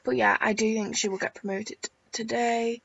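Woman gamer, casual late-night commentary, gravelly tired voice, dull lo-fi home mic. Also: fairly high pitch, level tone, moderate pace, no echo. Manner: rambling, soft-spoken with many ums. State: tired, croaky voice. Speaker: gaming YouTuber. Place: home at night with family asleep.

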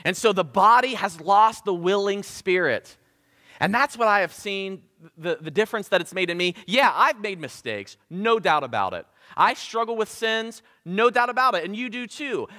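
A man's voice: sits high, sharp tone, in a large hall. A man preaching a sermon in a church, impassioned, with emphatic repetition and rhetorical questions. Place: church sanctuary.

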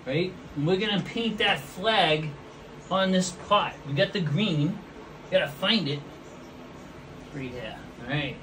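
A man's voice: sits high, fairly bright tone, distant mic, slight background noise, rough recording. A man hosting a casual painting vlog, rambling goofily and talking straight to his viewers. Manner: goofy, rambling, talks to viewers. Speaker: host painting pots. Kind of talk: casual chat while painting. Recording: voice from away from the mic.

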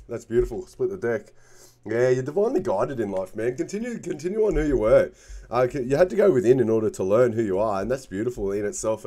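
A man's voice: deep voice, dark tone. Emphatic man giving a tarot reading. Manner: emphatic, keeps checking in with "okay?" and "man". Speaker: tarot reader. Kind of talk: casual tarot card reading.

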